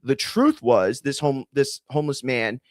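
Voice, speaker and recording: Profane, animated male podcast host. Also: medium pitch, measured pace, dry recording. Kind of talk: casual storytelling.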